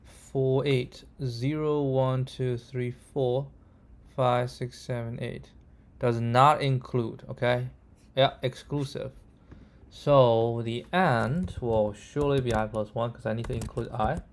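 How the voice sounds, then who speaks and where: A man thinking aloud as he codes, halting and correcting himself, often checking in with "right?" and "okay?". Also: mid-range voice, steady tone. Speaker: coding tutor. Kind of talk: thinking aloud while live coding.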